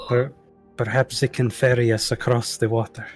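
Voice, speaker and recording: A man's voice: medium pitch, little pitch movement, moderate pace, soft background music, lightly acted. A man voicing a theatrical male bard with formal, courtly, old-fashioned speech in a tabletop game. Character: theatrical male bard, gentle and peace-loving. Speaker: player.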